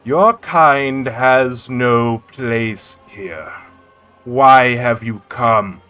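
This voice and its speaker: A man voicing a deep matronly sea leviathan. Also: clear, resonant tone. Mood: menacing. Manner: slow, loud, imperious. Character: colossal ancient female sea leviathan, menacing. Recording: faint background music.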